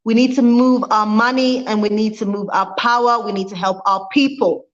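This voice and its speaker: A woman vlogger with a mid-range voice and fairly even intonation talks at a moderate pace in a muffled recording. Her livestream talk is impassioned, with points repeated for emphasis. She reads viewers' comments aloud as she goes.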